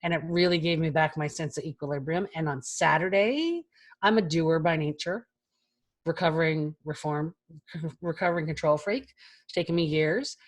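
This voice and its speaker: A woman in her forties speaks candidly to an online audience over a video call, with a slightly low voice. Her talk is chatty and frank, and she drops casual swear words as she goes. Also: moderate pace. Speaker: keynote speaker.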